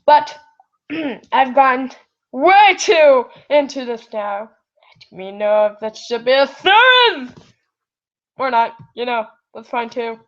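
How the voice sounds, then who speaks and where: Reading fan fiction at home after dark, she rambles, interrupts herself, and keeps apologizing, recorded on a device's built-in microphone. Her high, slightly bright voice is very animated yet slow, with long pauses, and the sound is dull.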